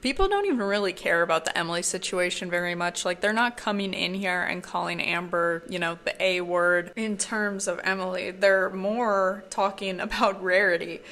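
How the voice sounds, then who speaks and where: A woman's voice: fairly low pitch, normal speed, few pauses, sharp tone. A woman hosting a reaction commentary channel who talks in a mocking, amused, sarcastic way.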